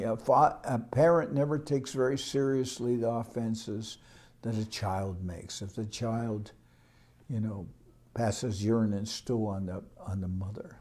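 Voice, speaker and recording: A man reading verses slowly and then explaining them in a casual, conversational way. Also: on the low side, mellow. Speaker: scripture reader and teacher. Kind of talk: scripture reading with commentary.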